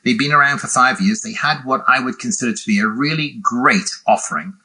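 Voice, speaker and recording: A man in his sixties with a softened British accent, a guest on a podcast interview, explaining in a measured, self-deprecating way. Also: mid-range voice, husky. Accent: British, softened West Country and Midlands, some North American. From England. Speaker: guest, sales consultant.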